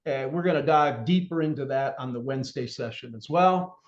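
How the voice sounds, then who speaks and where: A man's voice: mid-range voice, a little fast, highs cut off. A man leading an online corrections training session, talking through the objectives in a conversational way with lots of fillers.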